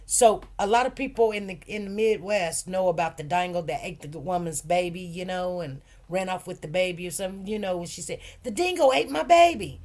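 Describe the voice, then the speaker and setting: A woman hosting a casual livestream, chatty and rambling, repeating phrases and talking in relaxed informal grammar. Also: lowish voice, brisk, few pauses. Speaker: livestream host and food truck owner.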